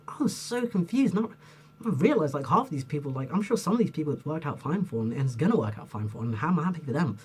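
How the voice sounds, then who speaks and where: A young man with a husky, slightly breathy voice delivers an unscripted rant to camera. He rambles and restarts, gets heated, swears freely and leans on "like" constantly. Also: fairly high pitch, expressive, quick pace, a little mellow. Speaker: vlogger.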